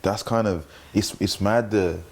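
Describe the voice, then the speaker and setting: Young male interviewer, deep voice, laid-back rambling questions. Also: a little slow. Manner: relaxed, loose questions full of restarts and fillers. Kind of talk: casual interview chat.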